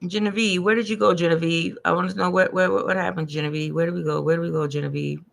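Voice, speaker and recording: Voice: mid-range voice, fairly even intonation, quick pace, vocal fry, fairly bright tone. A chatty tarot and numerology reader talks loosely to viewers during a live-stream reading. They repeat themselves, restart phrases and trip over long words. When a word beats them, they laugh it off at their own expense.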